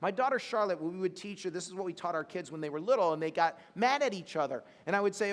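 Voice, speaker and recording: A middle-aged man preaching a sermon in a lively, conversational way, with casual asides to the congregation. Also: high voice, fast talker, few pauses, long reverb tail. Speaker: pastor.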